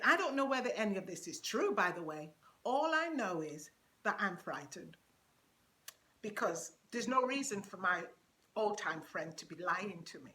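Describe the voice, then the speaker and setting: A woman telling a personal story in a casual vlog, animated and laughing often. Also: medium pitch.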